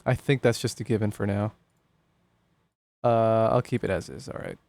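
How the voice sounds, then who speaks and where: A man's voice: on the low side, normal speed, vocal fry, a little mellow, dry recording, studio quality. A young man casually commenting on a horror game as he streams it live, joking and thinking aloud. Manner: chatty, jokey, thinking aloud.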